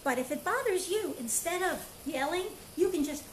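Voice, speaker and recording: Brief: high-pitched, upbeat woman leading an online movement class, echoey room, faint background noise. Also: animated, moderate pace. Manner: upbeat, playful, coaching with counts and shouts. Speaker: karate and movement instructor. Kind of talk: live online exercise class.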